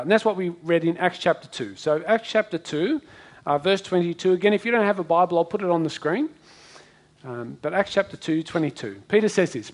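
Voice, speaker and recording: A man preaching a sermon to a congregation, dramatic, acting out quoted voices with big swings in loudness. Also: high voice. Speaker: pastor.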